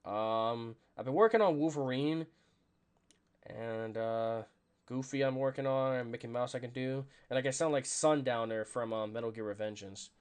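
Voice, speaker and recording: A man hosting a podcast, reacting to a live game, rambling with lots of fillers and jumping into excited play calls. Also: mid-range voice, moderate pace, clean tone. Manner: rambling and self-conscious, full of fillers. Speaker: podcast host.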